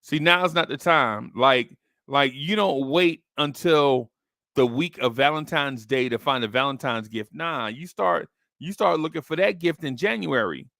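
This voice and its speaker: A man's voice: a little high, unhurried, vocal fry, fairly bright tone, no echo, clean studio sound. A man hosting a podcast, chatting casually about basketball trades and acting out imagined phone calls. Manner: acts out phone calls in a streetwise voice. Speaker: podcast host.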